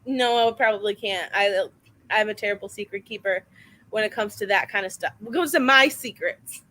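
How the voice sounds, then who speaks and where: A young woman hosting a casual reading stream from home, chatty and animated, laughing at herself often. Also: mid-range voice, fairly quick, low-quality recording. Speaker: host of a reading sprint stream. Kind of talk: casual chat. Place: home, near her kitchen.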